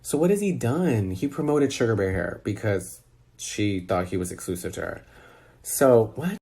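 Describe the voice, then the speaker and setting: A man ranting in disbelief on a phone video call, animated and exasperated. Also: fairly low pitch, moderate pace, husky. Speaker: social media personality. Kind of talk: casual rant on a video call.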